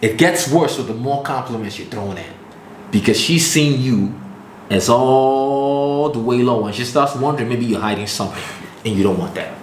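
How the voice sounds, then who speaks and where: A man's voice: medium pitch, normal speed. A man with a mid-range voice co-hosts a casual podcast, explaining his views bluntly and plainly. His voice sounds roomy and echoey, with a faint hiss in the background. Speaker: podcast co-host.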